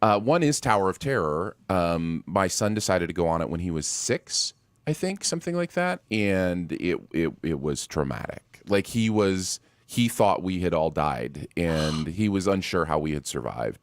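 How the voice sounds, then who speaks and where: Man, middle-aged, low voice, dry close sound, relaxed amused anecdotes, casual co-host. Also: moderate pace, dry recording. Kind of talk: casual live chat.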